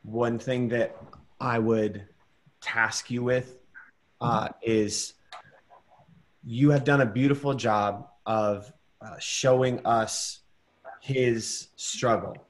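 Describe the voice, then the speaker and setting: Casting: mid-pitched man coaching actors, warm encouragement, thoughtful and unhurried. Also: steady tone. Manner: gentle, encouraging, searching for words. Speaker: masterclass teacher. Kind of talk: acting critique over video call. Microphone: video call.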